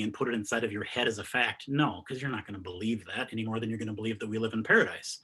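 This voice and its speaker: Husky-voiced man giving a spiritual talk. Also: mid-range voice. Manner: earnest, animated, rising to emphatic questions and dropping to soft endings. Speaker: meditation teacher. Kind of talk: spiritual talk over video call. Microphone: video call.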